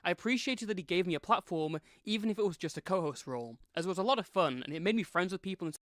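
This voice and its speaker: A man's voice: high-pitched, expressive, fast, fairly bright tone, no room sound, clean studio sound. A man co-hosting a stream, reading a written statement aloud steadily, with muttered asides.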